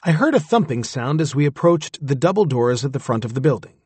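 A man with a husky voice narrating a story in the first person, in a close, dry recording. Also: medium pitch, lively intonation, fairly quick, darkish tone, no room sound. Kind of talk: scripted audiobook narration.

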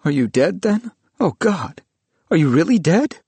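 A man's voice: mid-range voice, normal speed, gravelly, husky, no echo, voice pushed up, exaggerated voice. A man voicing a desperate young man, pleading and grieving. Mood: anguished. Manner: pleading, anguished.

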